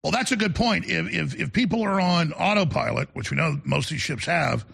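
Male radio host, gravelly and husky, slightly high-pitched, emphatic and rambling. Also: brisk, fairly bright tone. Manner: rambling, emphatic, repeats words. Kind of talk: call-in radio talk.

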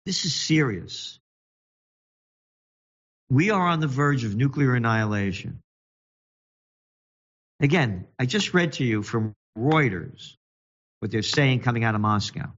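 A man's voice: mid-range voice, animated, dull audio. Angry man ranting political commentary. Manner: indignant, mocking, swings between fast reading and slow emphatic jabs. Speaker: show host and magazine publisher.

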